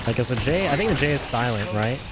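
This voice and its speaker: In casual gameplay commentary, a man with a mid-range voice talks fast and animatedly, joking, being ironic and mock-serious, and rambling with restarts. Background noise can be heard.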